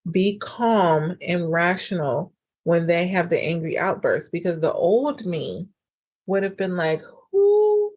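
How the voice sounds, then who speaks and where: A woman who hosts a podcast and works as a relationship coach gives relationship advice on a casual solo episode, chatty and animated, acting out quoted dialogue. Her voice is a little low for a woman, and she uses frequent fillers like "like" and "um".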